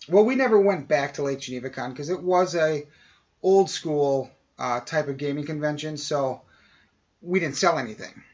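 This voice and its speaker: A man's voice: on the high side, normal speed. A man on a podcast telling a long casual story, acting out what people said. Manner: animated anecdote-telling, acts out quoted voices. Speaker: podcast co-host. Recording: dull lo-fi audio.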